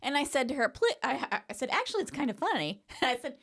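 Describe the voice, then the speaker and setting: A woman on a family podcast telling a story in long run-on sentences without pausing for breath. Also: sits high, very animated, fairly bright tone. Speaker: co-host. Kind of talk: casual family chat.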